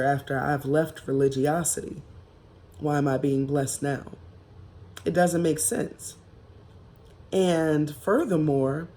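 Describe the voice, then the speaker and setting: A woman vlogger telling a personal story in a casual, emphatic and reflective way, with drawn-out pauses. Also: low-pitched, a little mellow.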